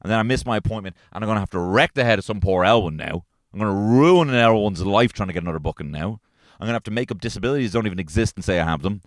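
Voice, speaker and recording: A man's voice: lowish voice, fast talker, dry recording. A man with an Irish accent hosting a solo comedy podcast from inside his car, ranting in an exasperated, profane way. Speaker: podcast host.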